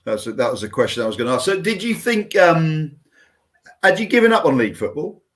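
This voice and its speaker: A man's voice: a little high, big pitch swings, a little fast, a bit bright. Hesitant male podcast host. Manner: hesitant, lots of "uh"s, restarts his questions. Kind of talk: casual interview questions.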